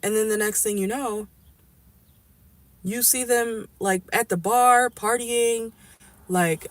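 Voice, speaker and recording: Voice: mid-range voice, slow, long pauses, a bit bright, no room sound. A tarot reader in a car giving a casual, rambling and blunt reading to viewers, swearing freely. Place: inside a car.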